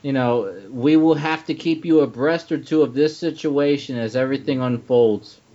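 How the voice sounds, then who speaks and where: A man's voice: mid-range voice, normal speed, mellow. A man hosting a casual comedy podcast, laughing often and stammering as he talks. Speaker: podcast host. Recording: dull lo-fi podcast audio.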